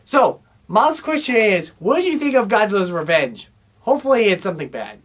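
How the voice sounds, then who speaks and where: A woman's voice: medium pitch, very animated, fairly quick. A woman giving a casual, exasperated movie review, rambling and full of fillers as she complains. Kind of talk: casual film review rant.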